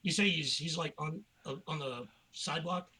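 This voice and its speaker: A man's voice: fairly high pitch, moderate pace, over a noisy crowd, rough recording. A man playing a tabletop game, talking in a laid-back, hesitant way. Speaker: player. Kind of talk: casual tabletop game chat.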